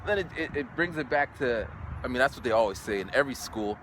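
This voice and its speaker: A man in his forties telling a story in a casual vlog, animated, and acting out sounds and voices. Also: quick pace, noisy background. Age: 40s. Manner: animated, acts out sounds and voices with big pitch jumps. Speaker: English teacher in Japan.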